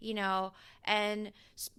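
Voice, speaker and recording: A woman's voice: medium pitch, monotone, slow pace, bright, forceful tone, smooth. A woman guest on a podcast, an educator speaking in an earnest, reflective way in casual conversation.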